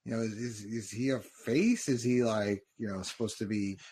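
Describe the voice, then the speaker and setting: Husky low-voiced man reacting to a movie. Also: steady tone, normal speed, a little mellow. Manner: loose, chatty reactions to the film on screen. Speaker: podcast host. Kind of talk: casual movie watch-along chat.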